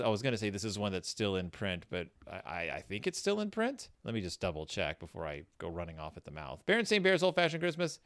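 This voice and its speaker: A man hosts a casual book-review chat, rambling along with lots of "uh"s and self-corrections. His pitch moves up and down in lively fashion, and he sits close to a dry-sounding mic. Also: clean tone, dry recording. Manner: chatty, rambling, many fillers and restarts. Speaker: podcast host reviewing children's books.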